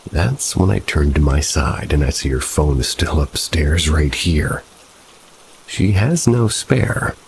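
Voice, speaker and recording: Very deep, gravelly male horror narrator. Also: expressive, slow, poor audio. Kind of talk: first-person horror story narration. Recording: soft rain noise behind. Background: rain.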